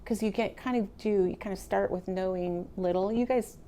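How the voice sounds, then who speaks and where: A middle-aged woman giving a motivational real estate talk to a live audience, chatty and animated, speaking straight to the room. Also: medium pitch, normal speed, a little hiss or hum. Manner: conversational, animated, addresses the audience directly.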